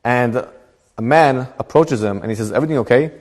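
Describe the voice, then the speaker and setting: A man, a rabbi, telling a story in a Torah class in a lively storytelling manner. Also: medium pitch, moderate pace, in a large hall. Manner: animated storytelling with voiced characters.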